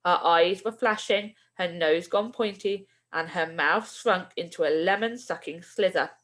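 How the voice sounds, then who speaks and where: A woman, a primary school teacher, reading a children's book aloud with expressive storytelling. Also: lowish voice, unhurried.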